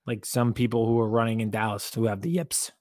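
A man co-hosting a casual sports podcast, talking in an animated, emphatic way. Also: lowish voice, brisk, no room sound, clean studio sound. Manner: animated, emphatic, catchphrase-prone. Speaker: podcast co-host.

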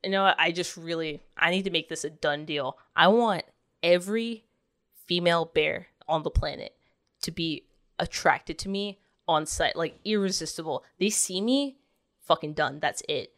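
A woman's voice: fairly low pitch, normal speed, a bit bright, no echo, studio quality. A woman voicing a boastful, crude male bear in a joke she tells, brash and swearing. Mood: cocky.

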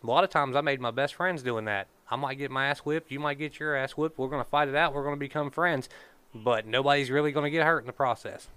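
Smooth-voiced man telling stories. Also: mid-range voice, quick pace, sharp tone. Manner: rambling storyteller, swears freely. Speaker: truck show organizer. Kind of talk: casual podcast chat.

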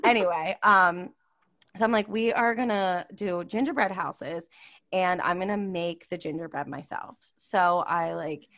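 A lively woman co-hosts a casual podcast. She tells stories with lots of laughter and jumps up into high voices to act out what people said. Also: unhurried. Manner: animated, laughs often, acts out quotes in high voices. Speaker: podcast co-host. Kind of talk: casual chat, storytelling.

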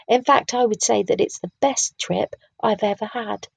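A woman's voice: medium pitch, normal speed, gravelly, husky, no room sound. A woman voicing a small, cheerful male creature that rides in a scarf, talking eagerly in a storybook reading. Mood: happy. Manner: eager, excitable.

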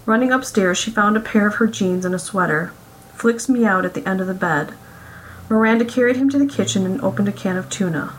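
A woman reads a romance story aloud in a steady, mid-pitched voice. Her storytelling is smooth and even, the sound of scripted audiobook narration. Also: a little fast, slight background noise, low-quality recording.

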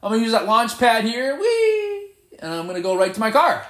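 A man giving live gameplay commentary, excitable and playfully boastful as he trash-talks. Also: high voice, fast, echoey room. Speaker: gamer.

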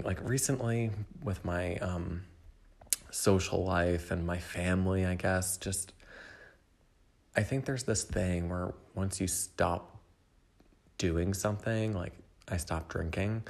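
Rambling young man with a lowish voice. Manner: rambling, candid, full of "like" and "um"; addresses the listener directly. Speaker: podcast host. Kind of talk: casual solo reflection. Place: at home.

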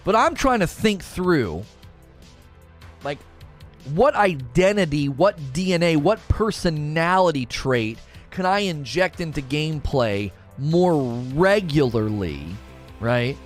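Speaking slowly, a middle-aged man streams games and chats casually, joking and repeating phrases as faint music plays. His voice is a little high and very animated.

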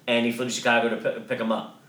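A man's voice: medium pitch, little pitch movement, rapid-fire, a bit bright, reverberant, recorded from a distance. A man co-hosting a podcast, telling a story in a casual, rambling way with many restarts and some swearing. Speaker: podcast co-host.

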